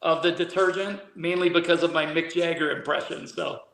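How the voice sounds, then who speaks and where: A man's voice: fairly high pitch, steady tone, a little fast, fairly bright tone. Easygoing man telling stories in a roomy space. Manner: easygoing storyteller, frequent "you know" fillers. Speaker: guest actor and drummer. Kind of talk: casual interview chat. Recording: roomy echo.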